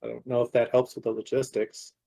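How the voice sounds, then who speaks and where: A man's voice: medium pitch, monotone, fairly quick, vocal fry, mellow. A man playing in a tabletop game, chatting casually with hesitant asides. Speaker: player.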